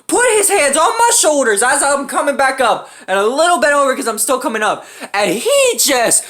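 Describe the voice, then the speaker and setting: A woman's voice: high voice, sing-song, moderate pace, a bit bright. A young adult woman hosting a storytime channel, telling a story in a casual, profane way and laughing often.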